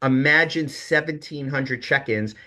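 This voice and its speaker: A man's voice: medium pitch, unhurried. A middle-aged man, a hotel executive, telling stories casually in an interview and acting out what others said. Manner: animated storyteller, quotes others with emphasis.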